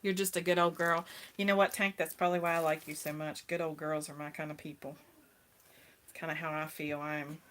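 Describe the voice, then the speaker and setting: Her delivery is flat, low-pitched and a little fast, yet this middle-aged live-stream host stays chatty with her viewers. She laughs frequently and gives them bright greetings.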